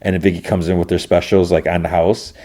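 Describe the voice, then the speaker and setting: Low, mellow-voiced man rambling through a recap. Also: flat delivery, fast. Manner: rambling retelling full of "he's like" and restarts. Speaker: podcast host. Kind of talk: casual episode recap.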